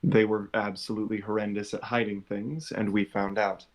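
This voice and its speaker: A man playing a character at a tabletop game, explaining things in a measured, earnest way. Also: fairly low pitch, level tone, rough recording. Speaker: player.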